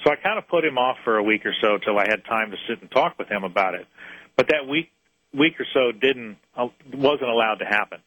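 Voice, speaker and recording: Man, researcher of UFO encounters, interview storytelling, earnest, halting restarts, bright forceful tone, dry close sound. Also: mid-range voice, lively intonation, no echo, rough recording. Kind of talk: recounting a case in an interview.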